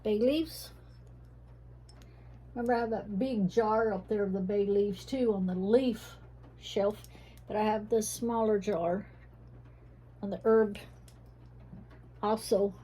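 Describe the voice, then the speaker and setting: A woman with a medium-pitched, husky, dark voice and fairly even intonation chats at home in a vlog about her herb shelf, rain falling outside. Her Southern accent mixes Texas and Tennessee, and she rambles, saying she talks fast.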